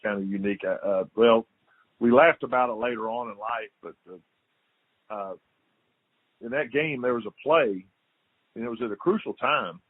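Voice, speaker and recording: A man's voice: medium pitch, moderate pace, long pauses, slightly rough, no room sound. An older man, a former football player, telling stories as a guest in a casual interview, repeating his words and acting out quotes. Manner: lively storyteller, repeats words, acts out quotes. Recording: tinny dry phone line.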